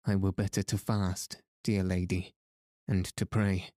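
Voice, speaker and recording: A man's voice: low voice, little pitch movement, measured pace, dark tone, no echo, studio quality. A man reading the part of an earnest young knight who answers politely and hesitantly in old-fashioned speech. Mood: flustered.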